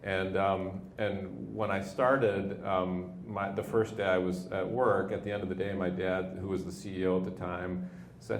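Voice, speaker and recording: A man in his fifties, a company leader telling anecdotes in an interview, with a relaxed manner and frequent restarts. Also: sits low, unhurried. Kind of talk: storytelling in an on-stage interview. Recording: echoey room with faint noise.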